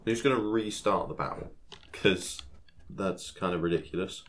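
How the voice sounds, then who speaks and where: Low-voiced man narrating his gameplay. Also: moderate pace, slight background noise. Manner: chatty, talks to himself while playing, excitable exclamations. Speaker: gaming channel host. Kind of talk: casual gameplay commentary.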